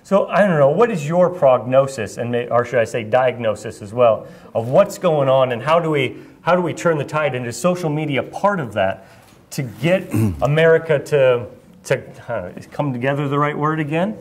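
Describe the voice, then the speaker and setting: With a medium-pitched voice, lively intonation, and a moderate pace, a young man from Iowa hosts an onstage conversation. He poses questions in a loose, rambling way, teasing himself and laughing often.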